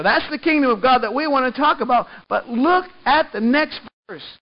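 Guy preaching a sermon, gets loud then real quiet, repeats himself, kinda dull lo-fi sound. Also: very high-pitched, normal speed, hardly any pauses. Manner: animated, swings between quiet and loud, repeats words. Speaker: pastor.

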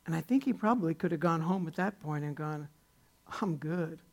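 High, gravelly-voiced man preaching casually. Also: expressive, fast talker, a little mellow. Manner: conversational preaching, acts out quoted characters. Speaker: pastor. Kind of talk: sermon.

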